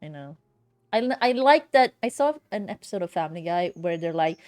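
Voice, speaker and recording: A woman's voice: on the low side, animated, fast talker, darkish tone. A young woman streaming a video game, chatting casually and reading game text aloud with playful laughs. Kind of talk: casual live game commentary.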